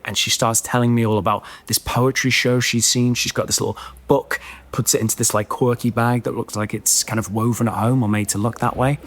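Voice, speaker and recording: A man telling a comic story on a podcast, animated and self-mocking, with many chatty asides. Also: mid-range voice, brisk.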